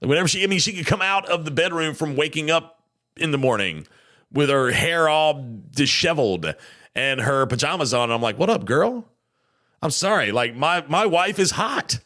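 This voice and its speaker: A man's voice: fairly high pitch, moderate pace. A man, hosting a podcast in casual, chatty talk full of fillers. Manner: chatty and animated, many fillers. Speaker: podcast host.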